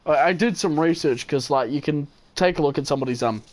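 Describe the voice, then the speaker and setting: Rambling New gamer, fairly high voice. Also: male voice, fast talker. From New Zealand. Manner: rambling, chuckling, self-correcting. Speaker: gaming channel host. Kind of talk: casual storytelling gameplay commentary.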